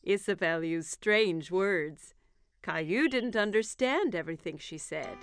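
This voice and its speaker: A woman narrating a preschool cartoon in a gentle storybook manner. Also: lowish voice, lively intonation, measured pace, clear, resonant tone, no echo, clean studio sound.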